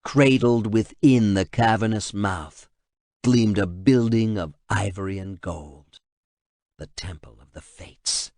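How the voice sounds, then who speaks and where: A man reading an action novel aloud in steady, measured audiobook narration. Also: fairly low pitch, dry recording, studio quality.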